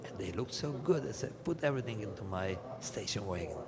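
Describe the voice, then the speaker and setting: A man's voice: lowish voice, fast talker, few pauses, a crowd in the background. A man, a rabbi, telling comic stories to a live audience and acting out each character's voice. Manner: animated, acts out every character's voice.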